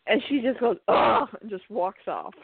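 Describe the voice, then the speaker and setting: A woman's voice: medium pitch, moderate pace, breathy edge, no room sound. Woman telling a story and cracking up, sounds like a phone line, dry. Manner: animated, laughs through her story. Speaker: podcast host. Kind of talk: casual storytelling.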